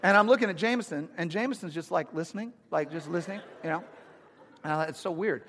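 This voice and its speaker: A man in his thirties preaches with lively, joking energy, chatting with his congregation as he tells stories. His voice sits a little high, and a long church reverb trails behind every phrase. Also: fast. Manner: energetic, humorous, conversational preaching. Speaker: pastor. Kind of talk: sermon. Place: church sanctuary. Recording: long reverb of a large hall.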